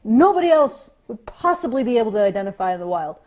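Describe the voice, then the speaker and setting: A woman's voice: on the high side, sing-song, darkish tone. Sarcastic, profane woman podcast host. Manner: sarcastic, profane, halting restarts. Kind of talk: casual ranting commentary.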